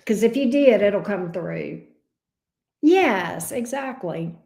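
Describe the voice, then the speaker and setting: A woman's voice: medium pitch, expressive, slow, gravelly, dark tone. Woman, Southern drawl, casual livestream chat, affectionate pet names, echoey room. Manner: chatty, uses endearments like babes and love bug. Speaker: tarot reader livestream host.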